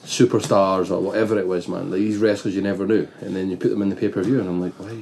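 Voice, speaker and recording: A Scottish man co-hosting a podcast who talks fast in a low, dark voice. He is blunt and sweary and keeps ending his sentences with "man". It comes across as loose chat among mates. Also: little pitch movement, gravelly. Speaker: podcast co-host. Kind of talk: casual chat reviewing wrestling.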